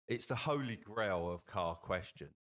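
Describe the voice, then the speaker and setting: Easygoing low-voiced interviewer. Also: male voice, lively intonation, measured pace, a bit bright. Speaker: podcast co-host, interviewer. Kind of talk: podcast interview.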